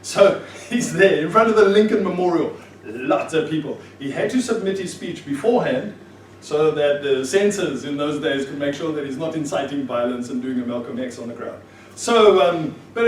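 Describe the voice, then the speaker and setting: A man's voice: on the high side, normal speed. A man giving a live motivational presentation to an audience, telling stories animatedly and acting out dialogue, recorded from a distance in an echoey room with faint noise. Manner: animated storyteller, acts out dialogue. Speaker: motivational speaker.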